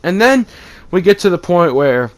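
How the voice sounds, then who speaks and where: A man's voice: high-pitched, big pitch swings, normal speed. A man from East Texas, telling a rambling, profane story about his own life. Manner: rambling, swears a lot, acts out quotes.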